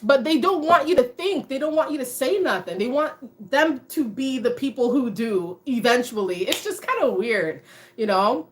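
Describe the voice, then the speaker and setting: A woman with a high, bright-pitched voice talks casually to her livestream viewers. She is chatty and animated, laughs often and keeps dropping in "you know." The talk is loose and conversational. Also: normal speed, slight background noise. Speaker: motivational vlogger.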